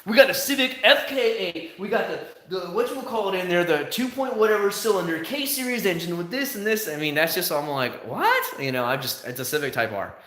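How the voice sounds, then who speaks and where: A man's voice: sits high, animated, fairly quick, hardly any pauses, a bit bright, reverberant. Rambling man chatting on a livestream. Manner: rambling, answers chat comments. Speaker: livestream host. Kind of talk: casual livestream chat.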